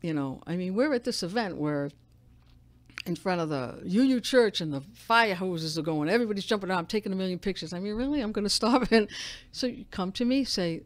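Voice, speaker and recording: A woman, a newspaper editor telling stories as a guest in a casual radio interview, animated and full of restarts. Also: mid-range voice, a little fast, dry recording. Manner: animated storyteller, frequent restarts and laughs.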